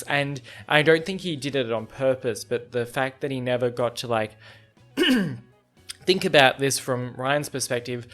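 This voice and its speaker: A young man hosting a book club, chatting excitedly and rambling with lots of fillers and swearing, sometimes reading passages aloud. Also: mid-range voice. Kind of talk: casual reading reaction and read-aloud.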